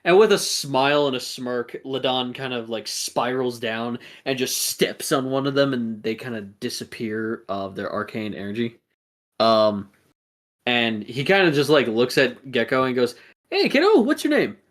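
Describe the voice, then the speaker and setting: A man narrating a tabletop role-playing game as game master, casual and animated, with many fillers. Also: medium pitch, a little slow.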